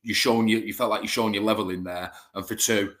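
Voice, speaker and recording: A male co-host with a fairly low, bright and forceful voice. He asks questions in a chatty, encouraging way during a casual sports interview. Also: steady tone, fairly quick. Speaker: podcast co-host.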